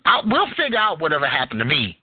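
A man's voice: fast, slight background noise. A man hosting a podcast, telling a story in casual, profane chat with big swings of feeling. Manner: animated, profane storytelling with wide pitch swings. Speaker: podcast host. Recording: tinny phone line.

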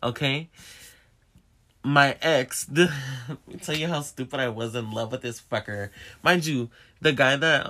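A young man vlogging, telling a personal story in a candid, profane, animated way straight to his viewers. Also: mid-range voice. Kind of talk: casual confessional storytelling.

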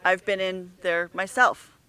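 A middle-aged woman talking openly and earnestly in a candid conversation, often halting and restarting her sentences. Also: on the low side, little pitch movement, sharp tone, clear, resonant tone.

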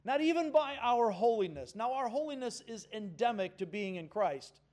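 A man's voice: very high-pitched, expressive, normal speed, a little mellow. A man preaching a sermon in an earnest, emphatic way, calling on the congregation to answer back. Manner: earnest, emphatic, with audience call-and-response. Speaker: pastor.

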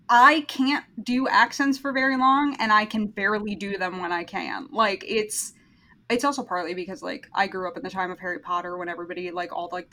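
Bright-voiced woman ranting bluntly. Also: mid-range voice, rough recording. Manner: blunt, opinionated, swears freely. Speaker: podcast host. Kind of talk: casual chat, recapping a film.

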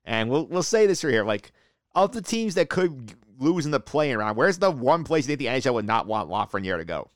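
A man's voice: medium pitch, very animated, fairly quick, no room sound, clean studio sound. A man hosting a casual hockey chat, steering with questions and peppering his talk with "like". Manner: leads with questions, many "like" fillers. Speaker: podcast host.

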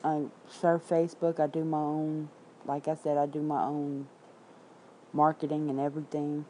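A woman's voice: low voice, flat delivery, mellow, slight background noise, low-quality recording. A woman from Memphis with a Southern accent, chatting casually and bluntly with viewers while she reads out headlines and comments, swearing freely. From Memphis, Tennessee. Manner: blunt, profane, reads comments and headlines aloud with quick asides. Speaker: independent writer streaming to viewers. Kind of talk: casual livestream chat.

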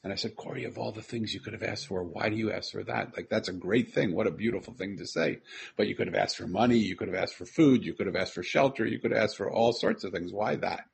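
A man's voice: lowish voice, quick pace, creaky, slight background noise. A man earnestly telling a personal story, repeating phrases and quoting the people he met.

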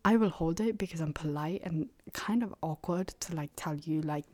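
A young woman with a lowish voice talks through her solo podcast in a loose, rambling way. She is blunt and sarcastic, and she often slips into a half-whisper. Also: normal speed, hardly any pauses, a little mellow, a little hiss or hum. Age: young adult. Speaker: podcast host. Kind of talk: casual solo podcast monologue.

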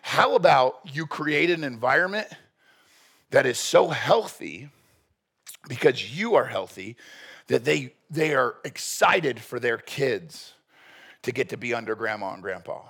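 A man's voice: mid-range voice, expressive, unhurried, creaky, fairly bright tone, husky. A male pastor preaching a sermon in a blunt, earnest, joking manner.

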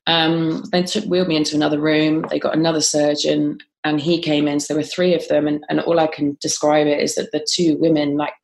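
A woman guest on a podcast telling a personal story in a halting, conversational way, with frequent ums and restarts. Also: deep voice, flat delivery, creaky, a little mellow, slight background noise.

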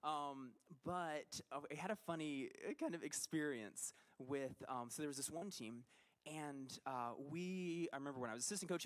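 Animated, fairly high-voiced male preacher. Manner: animated storyteller, swings between quiet asides and loud bursts. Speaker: pastor. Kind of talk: conversational sermon with personal story.

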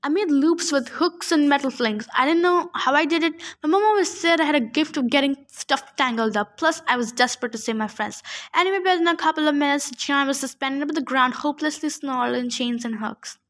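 A woman's voice: high voice, a little fast, a bit bright. A woman narrating a first-person adventure story aloud, casual, with joking asides. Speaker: audiobook reader.

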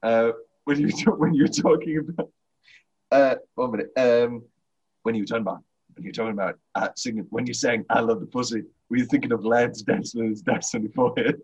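A man's voice: mid-range voice, a little fast, darkish tone, husky. A man hosting a casual chat about a comedy film, often laughing and quoting lines in put-on voices. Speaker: podcast host. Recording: dull, lo-fi sound.

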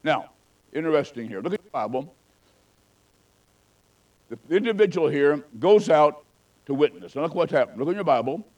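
A man preaching a sermon with a higher-pitched voice. He swings between loud, fervent calls and quiet, hushed storytelling, in the manner of a travelling evangelist. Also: animated, normal speed, long pauses, low-quality recording.

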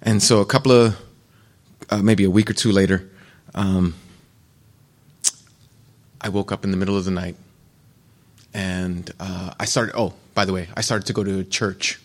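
A man in midlife from the United States tells his testimony at a retreat in a loose, candid, conversational way. His voice sits fairly low and carries a gravelly, fry-edged texture. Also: fairly even intonation, normal speed, pauses often. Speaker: retreat speaker. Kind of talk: personal testimony talk.

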